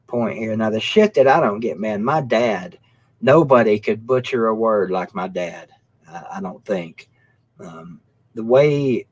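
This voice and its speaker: A man hosting a casual live stream, joking, swearing and reading comments. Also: fairly low pitch. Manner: profane, joking, reads comments. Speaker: host.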